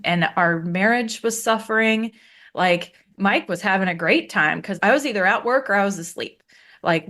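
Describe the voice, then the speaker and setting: Frank woman telling her own story. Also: a bit bright. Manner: frank, acts out quoted voices in a raised pitch. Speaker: guest. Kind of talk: candid conversational storytelling.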